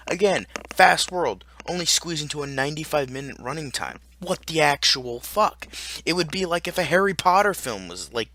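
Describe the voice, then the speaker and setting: A man's voice: on the low side, bright, forceful tone. A man angrily reviewing a film, ranting with heavy profanity and sarcasm. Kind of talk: angry scripted film review.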